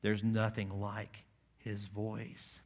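A male pastor preaching a sermon, moving between quiet, intimate lines and loud, emphatic passages. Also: lowish voice, monotone, slow.

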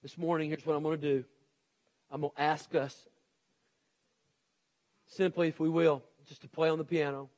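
Middle-aged male pastor, slightly high voice, urgent earnest sermon delivery. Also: flat delivery, normal speed, long pauses, darkish tone. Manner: earnest and pleading, with repeated urgent appeals.

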